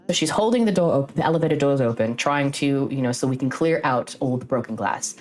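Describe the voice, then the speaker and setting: Low-voiced young woman rambling through a story. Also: fast. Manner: rambling, frequent swearing, lively retelling. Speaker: streamer. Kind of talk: casual storytelling chat.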